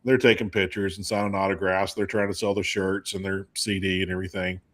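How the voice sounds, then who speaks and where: Rambling man telling a story. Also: fairly quick. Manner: rambling, animated storyteller with high put-on quoted voices. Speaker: co-host. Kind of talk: casual storytelling.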